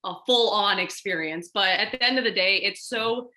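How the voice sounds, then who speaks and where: A woman's voice: medium pitch, normal speed. A woman, a stunt performer and martial artist, telling stories as an interview guest and acting out the lines of the people in them. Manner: animated, acts out quoted dialogue. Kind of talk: casual interview storytelling.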